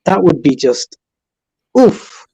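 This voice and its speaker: A man's voice: a little high, sing-song, takes it slowly, vocal fry, mellow, slightly rough, lo-fi sound. A man with a northern English accent in casual livestream banter, teasing and enthusiastic.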